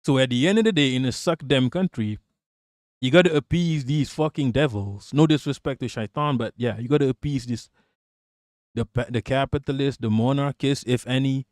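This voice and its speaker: A man's voice: medium pitch, moderate pace, no echo, clean studio sound. A man from Malaysia hosting a livestream, ranting casually about politics with lots of swearing and jokes, reading out chat. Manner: profane, joking, reads chat aloud. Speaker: livestream host.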